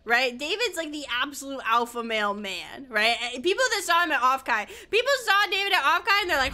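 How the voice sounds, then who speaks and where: A woman's voice: sits high, expressive, fairly quick, hardly any pauses, sharp tone, slight background noise. A woman gaming streamer chatting casually while she plays, rambling, giggly, easily sidetracked and swearing a lot.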